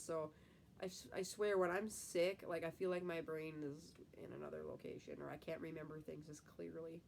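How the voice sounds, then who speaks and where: A young woman from the American Midwest runs a live stream, reading viewers' comments and rambling casually, filler words everywhere, while congested from a cold. She has a Midwestern accent and a lowish, slightly mellow voice that stays steady and moves a little fast.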